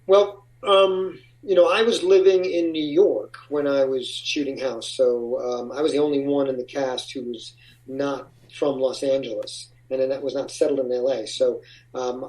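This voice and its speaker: A man's voice: medium pitch, fairly even intonation, moderate pace, a little mellow, far from the mic, rough recording. A man being interviewed about his acting career, talking casually in rambling, restarting sentences. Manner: rambling, with frequent restarts and laughs. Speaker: actor, interview guest.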